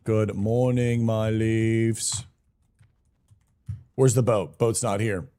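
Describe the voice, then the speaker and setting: A man's voice: lowish voice, steady tone, extremely slow, warm tone. A young man live-streaming a game, chatting casually, greeting viewers by name and swearing now and then in a hyped-up way.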